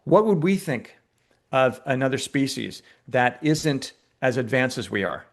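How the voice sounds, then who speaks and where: A filmmaker being interviewed, telling stories in a lively, conversational way with frequent fillers and restarts. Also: male voice, mid-range voice, unhurried. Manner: animated storyteller, many restarts and fillers. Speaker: filmmaker guest.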